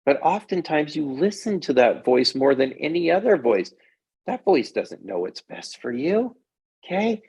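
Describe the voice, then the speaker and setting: A middle-aged man giving an energetic motivational talk to kids as a confidence coach, often checking in with "okay?". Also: fairly high pitch, measured pace, slightly rough, highs cut off.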